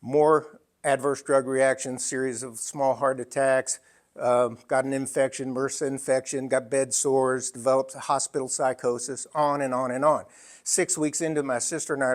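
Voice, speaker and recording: A man in his sixties giving an emphatic storytelling talk, full of dramatic pauses. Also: medium pitch, flat delivery. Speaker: speaker.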